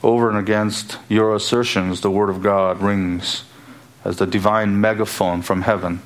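Low-voiced man preaching emphatically. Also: little pitch movement. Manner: emphatic, deliberate, repeats key phrases. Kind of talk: sermon.

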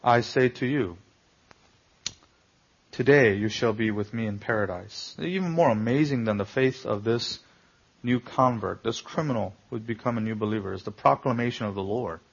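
A man's voice: fairly low pitch, normal speed, creaky, slightly rough, lo-fi sound. A man preaching a sermon, building to emphatic swells and asking the listeners rhetorical questions. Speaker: pastor.

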